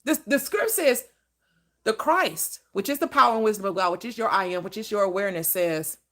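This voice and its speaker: A woman's voice: mid-range voice, lively intonation, brisk, a bit bright. A woman giving a preacher-style motivational talk about manifesting, emphatic and full of repetition. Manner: emphatic, preacherly, swings into acted quotes and repetition. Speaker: manifestation teacher.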